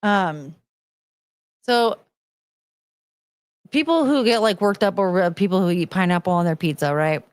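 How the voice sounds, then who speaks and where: Her voice is fairly low and smooth, moving at a moderate pace with frequent pauses and no room sound. This thirty-something woman hosts a casual stream, reading chat aloud and firing back bluntly, with some swearing, lots of animation, and mocking quote voices.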